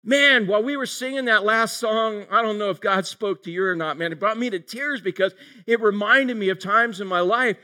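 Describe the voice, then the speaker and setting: A male pastor with a high-pitched voice delivers a casual, joking sermon at a moderate pace. He's animated and speaks directly to the congregation, calling out people by name.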